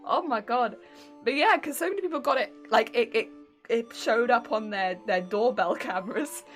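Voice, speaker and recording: A young woman with a British accent streams from home and chats with her viewers. Her voice sits a little high, and she talks in a giggly, rambling way. Faint music plays softly under her. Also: moderate pace. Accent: British English. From England. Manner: giggly and chatty, reacting to chat. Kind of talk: casual live-stream chat.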